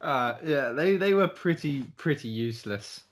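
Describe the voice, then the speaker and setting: A man co-hosting a podcast in casual chat, chiming in with quick, reactive quips. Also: medium pitch, animated. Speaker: podcast co-host.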